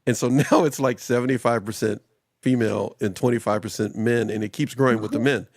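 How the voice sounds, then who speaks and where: A man's voice: mid-range voice, steady tone, fairly quick, dry recording, clean studio sound. A man hosting a casual panel chat on a live stream, teasing his guests and laughing often. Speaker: host. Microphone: video call.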